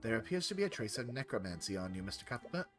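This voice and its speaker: A man voicing a calm, formal healer in a game, quiet and precise. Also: lowish voice, fast talker, music in the background. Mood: measured.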